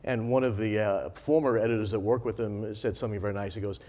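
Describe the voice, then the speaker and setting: Brief: male moderator, mid-pitched voice, chatty with long winding questions, echoey hall. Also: fairly even intonation, fast, mellow. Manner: chatty, long rambling questions, frequent agreeing backchannel. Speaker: interviewer, head of the organization. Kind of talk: conference stage interview. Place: conference stage.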